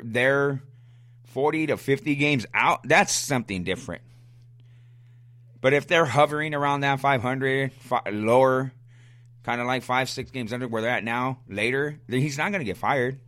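A man's voice: medium pitch, a bit bright, no room sound. A man hosting a solo sports podcast, ranting bluntly and arguing back at listeners' questions, coughing now and then. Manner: fired-up, blunt, argumentative, repeats himself. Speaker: podcast host.

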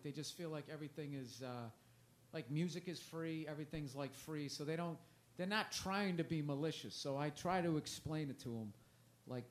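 A man in his forties, a comedian talking in a loose, rambling, self-mocking way with plenty of swearing. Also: a little high. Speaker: comedian guest. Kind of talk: casual chat. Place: festival interview.

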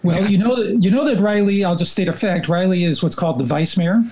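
A man's voice: high-pitched, fairly quick, a little mellow, low-quality recording. A male reporter explaining council events in casual talk, wry and hesitant with fillers. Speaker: reporter guest.

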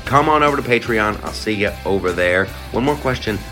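A deep-voiced man talking through his own podcast in loose, rambling chat. His pitch swings widely as he drifts into sarcastic, playful asides. A guitar is heard faintly behind him. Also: animated, fairly quick. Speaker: podcast host. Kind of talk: casual solo podcast talk.

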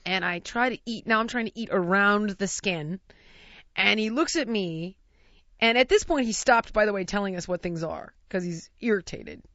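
An American woman telling a lively, laughing anecdote in casual chat. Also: mid-range voice, moderate pace, no room sound, highs cut off. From United States.

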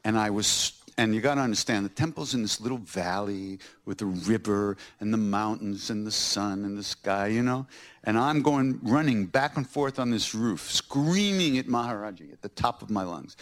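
A man's voice: on the low side, moderate pace. A man hosting a podcast, recounting personal stories and acting out the scenes with laughter. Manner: animated, acts out scenes with laughter. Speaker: podcast host.

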